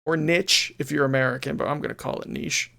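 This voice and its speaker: Gravelly man chatting on stream. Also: medium pitch, level tone, fast, a bit bright. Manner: chatty and playful, reads game text with mock drama. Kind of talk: casual game stream chat, reading game text aloud.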